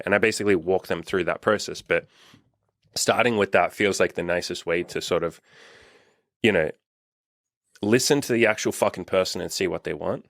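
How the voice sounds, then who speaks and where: Low-voiced man, blunt and sweary. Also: moderate pace, gravelly, pauses often, a bit bright, no room sound, studio quality. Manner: blunt, swears freely, acts out quotes in a raised voice. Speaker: dating coach and channel host. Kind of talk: casual podcast chat.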